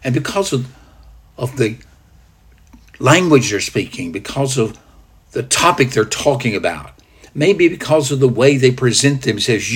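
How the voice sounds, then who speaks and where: Slow, breathy preacher with swooping pitch. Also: male voice. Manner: dramatic guided storytelling, swinging from loud to hushed; addresses listener as "you" in vivid scenes. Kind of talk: sermon.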